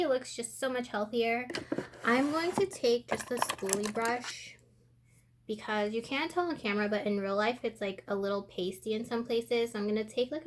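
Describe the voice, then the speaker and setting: A woman giving a casual makeup tutorial, chatting and thinking aloud as she works, a little out of breath. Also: on the high side. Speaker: beauty vlogger. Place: indoor room with sunlight coming in.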